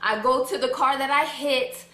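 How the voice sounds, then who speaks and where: A young woman telling a story about herself in a casual, animated and dramatic way, swearing freely. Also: high-pitched, normal speed, echoey room.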